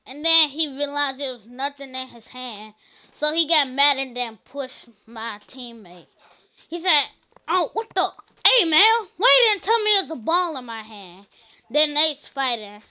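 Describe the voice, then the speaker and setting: A woman streaming a game, chatting casually and telling rambling stories as she plays. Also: high voice. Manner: rambling, animated storytelling. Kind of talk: casual gameplay commentary.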